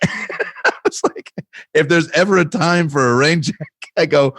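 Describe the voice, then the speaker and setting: A man's voice: a little high, expressive, unhurried, long pauses, fairly bright tone, no echo, studio quality. A man on a comedy podcast telling a long rambling story with lots of fillers and restarts, often breaking into laughter. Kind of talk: casual chat, storytelling.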